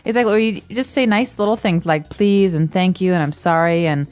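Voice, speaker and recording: A woman's voice: fairly low pitch, brisk, a little mellow. A woman co-hosting an English lesson podcast, explaining phrases in a friendly, casual way with everyday examples. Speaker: co-host and English teacher.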